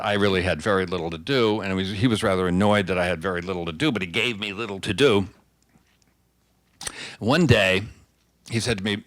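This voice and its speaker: An older man telling a long anecdote to an audience in a low, dry, close voice. He chats along easily and often stops to restart a phrase. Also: fairly bright tone, dry recording. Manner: conversational storyteller, frequent restarts. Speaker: guest speaker. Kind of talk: anecdotal talk.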